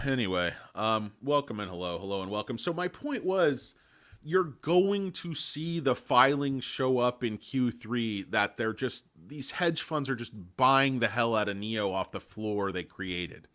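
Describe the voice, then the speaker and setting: A man's voice: medium pitch, lively intonation, unhurried, a bit bright. A man hosting a casual live stream on stocks, rambling through his points, making crude jokes and greeting chat viewers by name. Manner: rambling, crude joking asides. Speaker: stock market livestream host.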